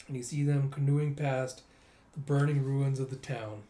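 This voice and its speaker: A man casually recapping a comic story in an animated way, acting out the lines. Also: medium pitch, normal speed. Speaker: manga recapper. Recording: roomy echo.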